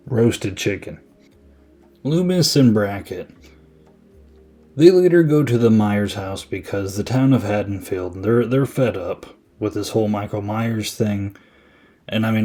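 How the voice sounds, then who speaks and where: A man's voice: on the low side, dark tone. A young man hosting a podcast, casually recapping a horror film in a rambling, amused way that corrects itself as he goes. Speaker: podcast host. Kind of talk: casual movie review recap.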